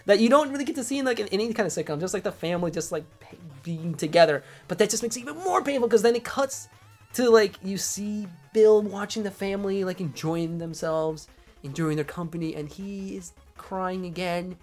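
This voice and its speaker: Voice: medium pitch, a little fast, darkish tone, faint music behind. A podcast host recapping an episode in casual chat, rambling with many restarts.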